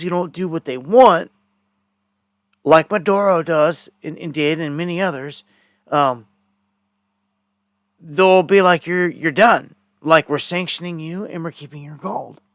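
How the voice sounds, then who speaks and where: Male live-stream news host, rambling and indignant, slightly high voice, dry close sound. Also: no echo.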